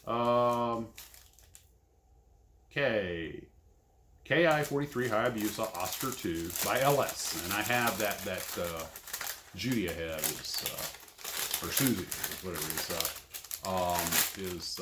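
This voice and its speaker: A man unboxing scale model kits in casual commentary, rambling and self-deprecating. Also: low voice. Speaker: scale model kit reviewer. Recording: echoey room, faint noise.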